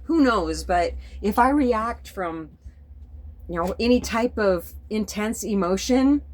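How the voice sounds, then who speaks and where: A woman's voice: lowish voice, rough recording. A woman talking casually to camera as a spiritual vlogger, candid and rambling, with the odd swear word. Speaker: spiritual vlogger drawing cards. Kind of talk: casual spoken vlog monologue. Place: sitting indoors at home.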